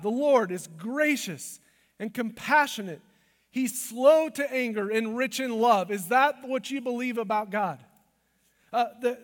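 Male pastor, high voice, sermon delivery shifting between hushed and emphatic; big reverberant hall. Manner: swings from hushed intimate asides to loud emphatic declarations.

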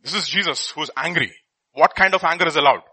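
A man preaching a sermon, reading scripture and swinging from loud bursts to quiet asides. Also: a little high, quick pace, slightly rough, low-quality recording.

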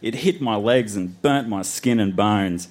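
Low-voiced man reading on stage. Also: measured pace, a little mellow. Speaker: reader on a live storytelling show. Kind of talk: reading his childhood story aloud. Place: live festival stage before an audience.

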